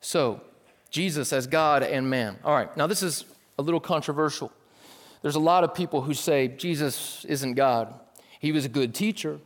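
A male pastor preaching a sermon in a casual, lively way, dropping slang asides. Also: on the high side, moderate pace. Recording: long hall reverb.

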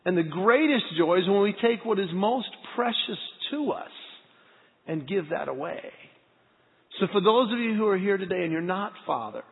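A man's voice: high voice, expressive, moderate pace. A man in his thirties preaching a sermon, a pastor animatedly acting out stories about his family. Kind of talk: sermon with personal storytelling. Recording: phone-like sound with long hall reverb.

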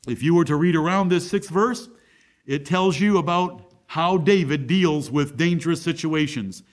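Preaching a little slowly, this high-voiced pastor uses lively intonation and drives his message home with emphasis. He stacks rhetorical question upon rhetorical question to press each point.

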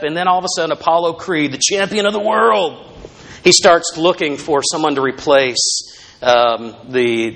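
A man's voice: a little high, a bit bright. A male pastor preaching a sermon in a conversational, storytelling way, with asides to the congregation.

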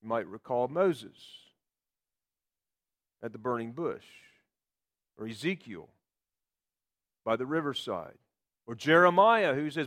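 A man's voice: medium pitch, expressive, measured pace, pauses often, a bit bright. A man preaching a sermon, explaining scripture with emphatic quotations. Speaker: pastor.

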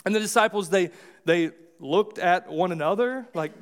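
A man's voice: high-pitched, normal speed. A man with an American accent preaching a sermon in a church, casual and conversational, with many restarts and acted-out asides. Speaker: pastor. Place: church sanctuary.

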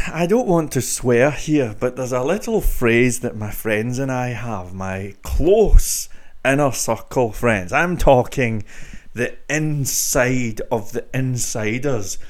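A man hosting his own show, speaking to listeners in a deliberately slow, mock-grandiose monologue. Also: medium pitch. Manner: drawn-out, mock-grandiose delivery. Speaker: show host.

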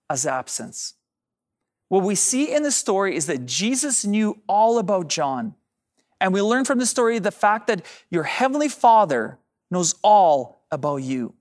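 A man preaching a sermon as pastor, addressing the congregation directly and drawing out key phrases for emphasis. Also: sits high.

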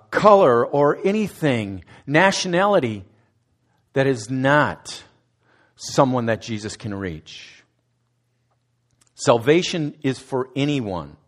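A man giving a conversational sermon as a student ministries director, asking his listeners direct questions and now and then restarting words. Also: a little high. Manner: conversational preaching, asks the audience direct questions, some restarts.

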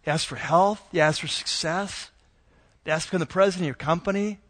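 A middle-aged man preaching a sermon in a relaxed, conversational way, telling a family story with plenty of ums and restarts. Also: fairly high pitch, brisk. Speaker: pastor.

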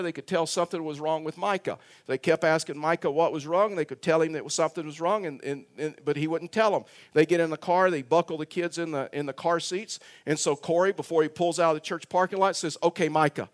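An older man preaching a sermon as pastor, emphatic and repetitive, telling a family story in church. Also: on the high side. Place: church sanctuary.

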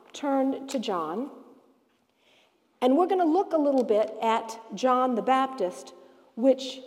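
A woman teaching a women's Bible study lesson, telling the story with animated, emphatic rises in her voice. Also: high voice. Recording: long hall reverb.

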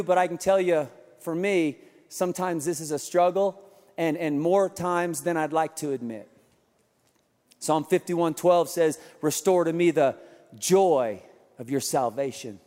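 A man's voice: a little high, darkish tone. A male pastor preaching a sermon, mixing scripture with self-deprecating, humorous stories. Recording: long hall reverb.

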